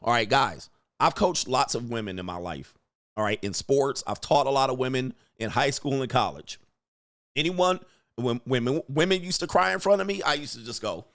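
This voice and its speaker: A man in the middle of his range, reacting to clips in a blunt, emphatic and profane way. His delivery is forceful and repetitive. The sound is dry and close, with no room echo. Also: medium pitch, lively intonation, normal speed. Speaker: commentary host and coach. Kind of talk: reaction commentary.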